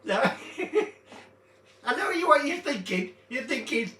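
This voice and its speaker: A rambling, jokey older man who chats casually while he plays a game, drifting off into little stories. The room sounds big and echoey, and the mic sits some distance away. Steady noise runs underneath. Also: extremely high pitch, slow pace. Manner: rambling, jokey, chatty storytelling. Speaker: gaming video host. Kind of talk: casual chat while playing. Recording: roomy, distant mic, noisy background.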